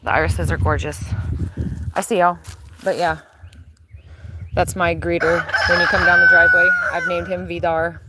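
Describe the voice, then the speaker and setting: A woman's voice: on the low side, moderate pace, long pauses, very noisy. A woman giving a casual, chatty tour of her backyard garden outdoors, talking into a handheld phone and using plenty of fillers. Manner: chatty and relaxed, with frequent fillers. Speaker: gardener showing her property. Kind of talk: casual live-stream chat.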